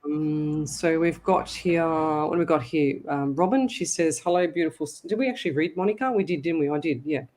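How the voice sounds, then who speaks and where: Low-pitched woman reading messages. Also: fairly quick, hardly any pauses, a little mellow, slight background noise. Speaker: psychic medium host. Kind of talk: live online radio psychic reading.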